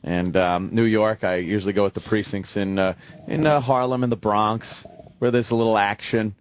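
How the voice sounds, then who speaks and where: A man's voice: on the low side, steady tone, moderate pace, a little hiss or hum. A man co-hosting a radio show, telling stories in loose, profane, rambling banter. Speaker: radio co-host.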